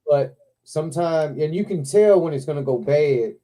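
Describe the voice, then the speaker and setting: A man hosting a live toy stream, telling wrestling stories in a loose, excitable way with plenty of swearing. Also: a little high, moderate pace. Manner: excitable storyteller, swears freely, lots of "man". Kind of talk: casual chat.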